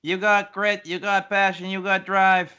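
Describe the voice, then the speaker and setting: A man's voice: high-pitched, little pitch movement, a little slow, bright, forceful tone, clean tone, dull audio. A man playing a brash, salesy hiring manager in a comedy sketch who repeats himself, talking over a video call.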